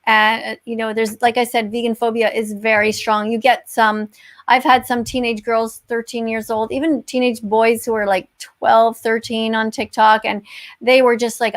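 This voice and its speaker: A woman's voice: on the high side, little pitch movement, normal speed. A woman hosting a livestream chat, emphatic and moralizing, often repeating herself. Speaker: host.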